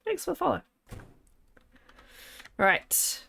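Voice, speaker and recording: A woman's voice: high-pitched, sing-song, takes it slowly, creaky, pushed and bright. A woman with a New Zealand accent chatting casually to her viewers while streaming a game, laughing often. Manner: chatty, laughs often, talks to chat and herself. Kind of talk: casual chat while playing.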